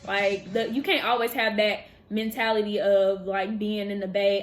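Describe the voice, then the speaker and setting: A woman's voice: medium pitch, normal speed, hardly any pauses. A young woman in her twenties from the Bay Area, chatting casually and animatedly while answering viewer questions in a vlog. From San Francisco Bay Area. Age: 20s. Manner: chatty, animated, laughs and trails off. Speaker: vlogger.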